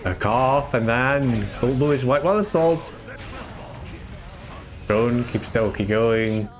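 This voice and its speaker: A man's voice: medium pitch, slow, soft background music. A man calling a fighting game match live, joking and laughing along with his co-caster. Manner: jokey, laughing play-by-play. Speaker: esports commentator.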